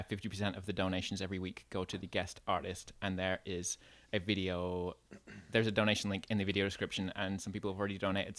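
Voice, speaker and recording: A man's voice: sits low, a bit bright, dry recording. A man hosting a livestream in casual chat, jokey and loose with fillers. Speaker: livestream host.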